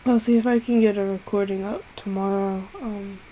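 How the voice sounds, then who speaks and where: A sick young woman, congested and hoarse, talking wearily in a casual vlog, with many pauses and fillers. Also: mid-range voice, fairly even intonation, warm tone, low-quality recording. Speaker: vlogger.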